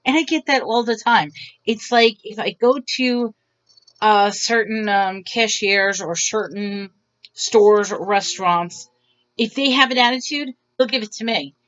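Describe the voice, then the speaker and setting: A woman's voice: mid-range voice, unhurried. A woman vlogger telling stories in a casual, rambling way, acting out the lines of the people in them. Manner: rambling, animated, acts out quotes. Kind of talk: casual storytelling. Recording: dull lo-fi sound.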